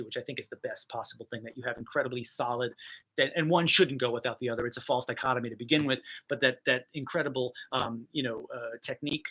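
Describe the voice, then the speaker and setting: A man from Rhode Island who teaches theatre, answering viewer questions in a casual talk, thoughtful and halting, with many fillers and restarts. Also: mid-range voice, bright, forceful tone, low-quality recording. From Rhode Island, USA.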